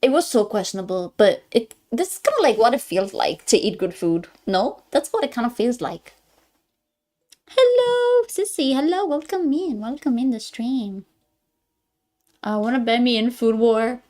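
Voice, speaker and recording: A fairly high-voiced woman chats casually on a live stream, greeting viewers and answering their messages. She giggles often and speaks with a non-American English accent. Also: animated, normal speed, warm tone. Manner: chatty, giggly, reads chat aloud and greets viewers.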